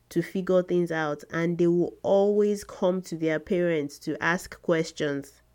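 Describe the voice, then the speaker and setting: A woman's voice: mid-range voice, darkish tone. A woman in her thirties hosting a faith podcast, talking earnestly and repeating words for emphasis. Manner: earnest and slow, with emphatic repetition. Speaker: podcast host.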